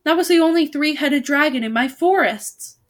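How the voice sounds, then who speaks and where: A woman reading a storybook aloud, voicing a blustering, furious one-eyed male duke who roars and shouts. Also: sits high, normal speed, pitched above the performer's own voice, lightly acted. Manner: roaring, shouting.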